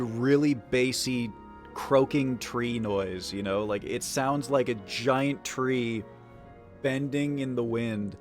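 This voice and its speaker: A man streaming a game, chatting casually in an excitable, profane, rambling way. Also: medium pitch. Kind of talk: casual gaming commentary.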